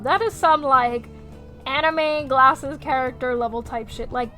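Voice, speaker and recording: A woman streaming as she draws, chatting casually with her viewers, animated and quick to swear. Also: sits high, faint music behind. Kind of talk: casual chat while drawing on stream.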